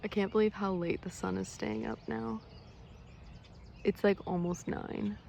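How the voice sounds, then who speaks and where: A woman's voice: medium pitch, steady tone, unhurried, creaky, very noisy. A young woman vlogging casually on a road trip in her minivan, chatty and upbeat, saying y'all a lot, recorded on a phone camera. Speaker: van-life vlogger. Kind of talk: casual travel vlog.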